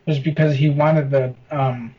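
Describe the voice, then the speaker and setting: A man's voice: a little high, steady tone, measured pace, muffled recording. A man in casual film talk, explaining details from the novels.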